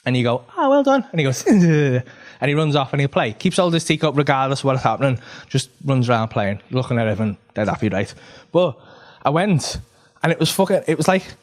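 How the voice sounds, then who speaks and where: A man's voice: medium pitch, lively intonation, brisk. A man doing stand-up, telling a rambling, sweary story and checking in with "right?" every few lines. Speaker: stand-up comedian. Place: comedy club stage.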